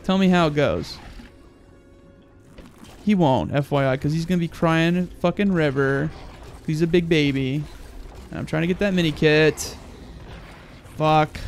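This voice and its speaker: A man's voice: fairly high pitch, unhurried, creaky, long pauses, darkish tone, faint music behind. A young man giving crude, joking gameplay commentary, swearing often and acting angry for laughs. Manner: profane, mock-angry, joking. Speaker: gaming video host.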